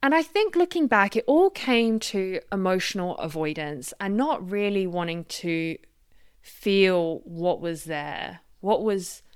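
A woman hosting a solo self-help podcast, reflective and gently guiding, sharing personal stories. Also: mid-range voice, lively intonation, slow pace, smooth, no echo, studio quality. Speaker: podcast host.

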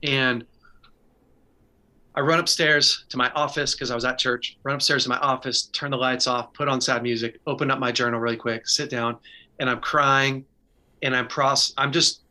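A man's voice: mid-range voice, fairly even intonation, normal speed, pushed and bright. A man teaching in a casual, conversational way and sharing his own story, earnest and candid, with short bursts and restarts. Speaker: faith speaker sharing advice.

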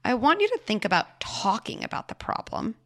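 A woman hosting a show and giving parenting advice to a caller, explaining patiently and dropping into soft hushed asides. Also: on the high side, sing-song, a little fast. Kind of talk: advice talk answering a caller.

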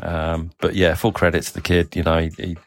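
Deep-voiced guy, accent a mix of aussie, south african and english, rambling casual team diary, lots of ums. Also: brisk, creaky, dry recording. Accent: mixed Australian, South African and English. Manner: relaxed, rambling, many ums and uhs. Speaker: cycling team manager.

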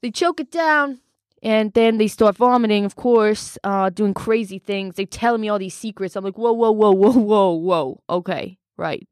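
A woman's voice: medium pitch, moderate pace, darkish tone, dry recording, studio quality, close to an everyday voice. A woman playing a brash, boastful American male self-help mentor who rambles with many fillers. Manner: rambling, cocky, full of fillers. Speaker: studio guest. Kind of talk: improvised comedy role-play.

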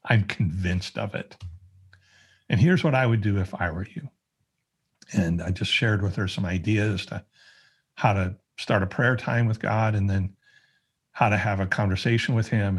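Husky low-voiced man telling a story. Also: normal speed. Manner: conversational, with frequent fillers and restarts. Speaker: podcast guest. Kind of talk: casual storytelling.

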